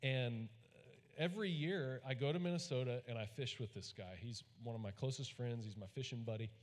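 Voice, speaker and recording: A man's voice: mid-range voice, fairly quick. A man from Texas, preaching a sermon in a folksy storytelling way and getting the congregation to repeat lines back. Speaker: pastor. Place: large church hall. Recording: long hall reverb.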